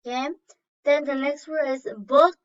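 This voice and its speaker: In an online phonics lesson, a woman teacher reads aloud slowly and deliberately, carefully sounding out syllables and vowel sounds. Her voice sits high with a steady tone, and the recording is dull and lo-fi.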